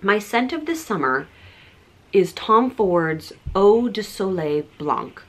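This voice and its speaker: A woman in her thirties chatting breezily to camera as a beauty vlogger, full of "like" fillers and soft asides. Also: medium pitch, expressive, slow. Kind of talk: casual chat showing products.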